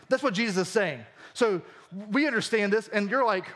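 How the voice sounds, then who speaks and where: A male pastor with a Southern American accent delivers a sermon in a high-pitched voice. His manner is earnest and conversational, and he keeps turning to his listeners with direct questions. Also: expressive, moderate pace, fairly bright tone. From Georgia, US.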